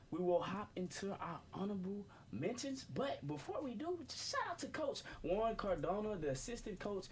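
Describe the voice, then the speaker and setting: A young adult man hosts a casual student sports show in a college radio studio, joking and laughing often between segments and repeating "without further ado." His voice is on the high side, picked up by a studio microphone with slight background noise.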